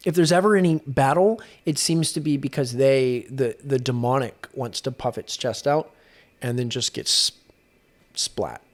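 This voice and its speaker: The podcast guest, a young adult man who works as an exorcist, shares earnest stories in relaxed conversation, restarting sentences often. He has a mid-range voice and speaks at a normal speed.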